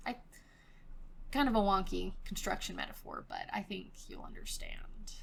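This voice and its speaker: A woman's voice: medium pitch, animated, measured pace, vocal fry, fairly bright tone. A woman with a Californian Valley girl accent hosting a casual solo podcast, chatty and loose, filling her talk with "like" and casual swearing. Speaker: podcast host.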